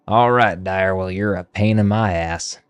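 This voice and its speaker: Deep low guy streaming games, texas accent on, dry sound, cussing and joking with chat. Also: measured pace, clean tone, no room sound. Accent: put-on Texas drawl. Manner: joking, profane banter with viewers. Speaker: live streamer. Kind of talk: casual livestream chat while gaming.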